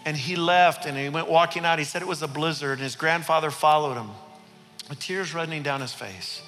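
A man's voice: a little high, a little fast, a bit bright. A male pastor telling a story in a sermon, building dramatic intensity. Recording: reverberant hall with faint music.

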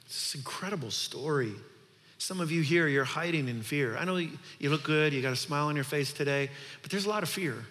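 A man's voice: on the high side, a little fast, fairly bright tone, long reverb tail. A male pastor preaching a sermon in an earnest, conversational way, building to emphatic points.

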